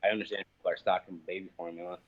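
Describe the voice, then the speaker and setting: Low-voiced man telling a heated, profane story. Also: flat delivery, rapid-fire, dull audio. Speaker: interview guest, professional fighter. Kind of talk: casual phone interview.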